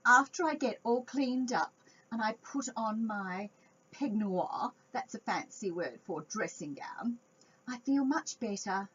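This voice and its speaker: A woman reading a picture book aloud to young children, expressive and chatty with her listeners. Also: on the high side, unhurried, slightly rough. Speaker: children's storytime reader. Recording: dull lo-fi home recording.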